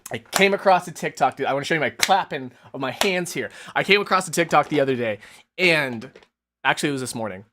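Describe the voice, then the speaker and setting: A man hosting a casual live stream, animated and exasperated, who swears often and keeps laughing mid-sentence. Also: on the high side, fast talker, slight background noise. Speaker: streamer host.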